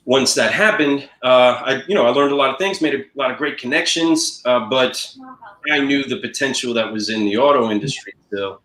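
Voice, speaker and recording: A man's voice: mid-range voice, moderate pace. A man from New York telling stories in a casual interview about getting into car sales, acting out the people he quotes. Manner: animated storyteller who acts out quoted people. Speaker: guest, car sales professional. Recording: echoey room.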